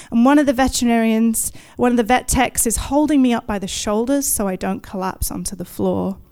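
A woman's voice: a little high, smooth. A woman in her thirties telling a personal story in the present tense, vivid and self-deprecating, with bursts of laughter. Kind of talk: first-person storytelling to an audience.

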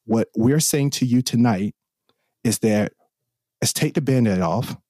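A man in his forties from the Southern US speaks earnestly on a podcast. He is impassioned and often repeats phrases for emphasis. His voice sits at a middle pitch and sounds dry and close to the mic. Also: unhurried, warm tone, no echo. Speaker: podcast host. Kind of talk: heartfelt podcast conversation.

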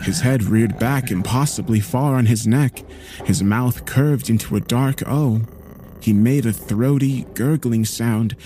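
A man narrating a horror story in a slow, grave storytelling manner. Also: fairly low pitch, mellow.

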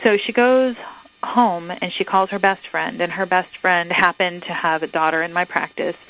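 A woman chiropractor, a guest in an interview, telling a patient story in a lively way. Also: on the low side, normal speed, narrow, tinny audio. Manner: lively anecdote-telling, acts out others in quotes.

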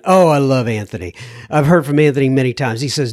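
A man's voice: mid-range voice, expressive, a little fast, darkish tone, no echo, clean studio sound. A man hosting a podcast, reading listener messages aloud in a casual, chatty way, thinking aloud with fillers and self-corrections.

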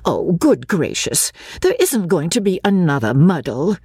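A woman's voice: fairly low pitch, big pitch swings, measured pace, darkish tone, slightly rough, no echo, studio quality, pitched above the performer's own voice, full character voice. A woman voicing a placid but fussy, snobbish middle-aged mother in a dramatic reading of a classic novel. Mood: fussing.

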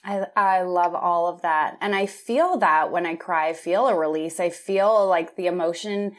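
A woman's voice: lowish voice, moderate pace. Emotional, chatty woman podcast host. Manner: open, emotional, warm laughter. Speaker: podcast host and health coach. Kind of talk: casual interview chat. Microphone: video call.

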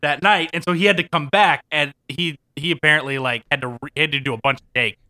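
A man in casual chat who shares behind-the-scenes trivia in a relaxed storytelling way. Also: a little high, fairly quick, no echo.

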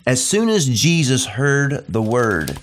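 A middle-aged man preaching a sermon, repeating short phrases and slowing down to stress key points. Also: medium pitch, huge pitch swings, slight background noise. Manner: emphatic, repetitive preaching cadence, slows down on key phrases.

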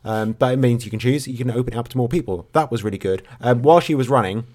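A man co-hosting a podcast, telling a story with dry, deadpan humour in a relaxed, rambling way. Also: mid-range voice, fast. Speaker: podcast co-host. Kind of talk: casual chat.

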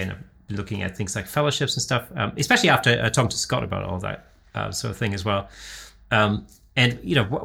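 A man's voice: lowish voice, gravelly, bright, forceful tone. A man in casual conversation, rambling, with many restarts and fillers. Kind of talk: casual chat.

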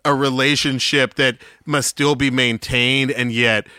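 A man's voice: medium pitch, steady tone, measured pace, pushed and bright, clean tone, no room sound, clean studio sound. A man from Atlanta co-hosting a podcast, musing enthusiastically through a casual music breakdown. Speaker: podcast co-host. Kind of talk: casual music-discussion chat.

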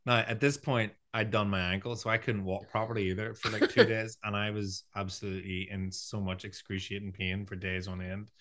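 A man co-hosting a podcast, telling a travel story in quick, rambling, self-mocking bursts. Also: on the low side, little pitch movement, a bit bright. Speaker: podcast co-host. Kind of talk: casual storytelling chat.

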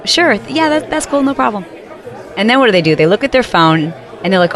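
A woman hosting a talk show, telling a story in a casual monologue and acting out other people's lines in quick put-on voices. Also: medium pitch, very animated, a crowd in the background. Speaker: podcast host.

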